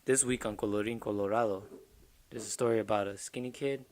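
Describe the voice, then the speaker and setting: A man's voice: fairly low pitch, steady tone, a little fast, noisy background. A man co-hosting a podcast, telling a crude comedic story in a rambling, casual way and laughing at his own jokes. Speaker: podcast co-host.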